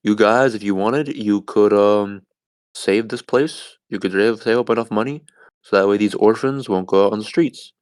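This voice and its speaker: A man voicing a mysterious older man who slowly gives advice. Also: fairly low pitch, darkish tone, dry recording, natural voice. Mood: advising.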